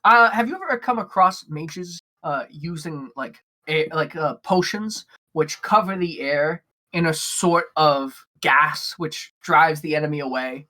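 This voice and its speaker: A woman narrating a tabletop game as game master, halting with many fillers. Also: deep voice, sharp tone.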